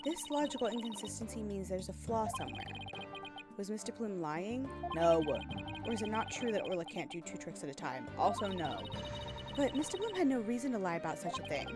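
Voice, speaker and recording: A woman streamer plays through a courtroom game, reading its dialogue aloud and chatting through her reasoning in a middle-pitched voice. Loud game music plays under her the whole time.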